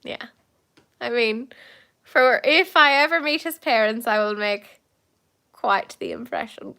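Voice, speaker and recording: Bright, chatty Irish woman. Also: a little high, expressive, measured pace, creaky. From Ireland. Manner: chatty and self-deprecating, laughs often, rambles with fillers. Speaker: livestream host chatting with viewers. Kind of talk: casual chat.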